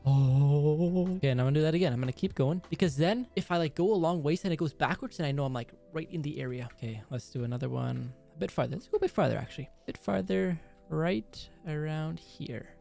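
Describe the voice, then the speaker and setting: A man doing gameplay commentary at home at night, speaking softly and excitedly pleading with the game as he plays. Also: on the high side, fast, gravelly, faint music behind. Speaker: let's play host.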